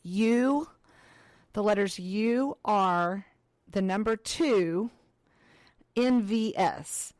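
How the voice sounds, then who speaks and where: A woman's voice: mid-range voice, extremely slow, pauses often, a little mellow, no room sound. A woman co-hosting a podcast, chatting casually and telling stories with acted-out quotes. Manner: chatty storyteller, acts out quotes. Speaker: podcast co-host. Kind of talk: casual chat.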